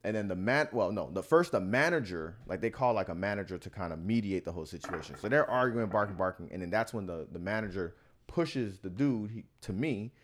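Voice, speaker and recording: An American man co-hosting a podcast, telling a story in a laid-back, frank, animated way and acting out the people in it. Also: lowish voice, brisk. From United States. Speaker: podcast co-host. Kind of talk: casual chat, storytelling.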